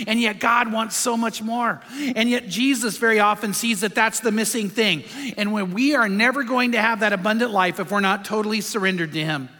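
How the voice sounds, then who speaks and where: High, bright-voiced preaching man. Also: in a large hall. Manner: emphatic preaching, rhetorical questions. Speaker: pastor. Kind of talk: sermon.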